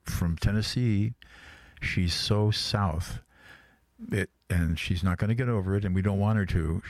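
A man hosting a casual radio show, talking in a rambling, halting way with many restarts. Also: low voice, dry recording. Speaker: radio host.

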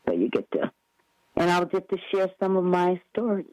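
A man's voice: high voice, lively intonation, moderate pace, a little mellow, no echo, highs cut off. A man chatting eagerly as an interview guest, rambling with many restarts and self-corrections. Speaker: guest promoting upcoming events. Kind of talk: casual radio interview chat.

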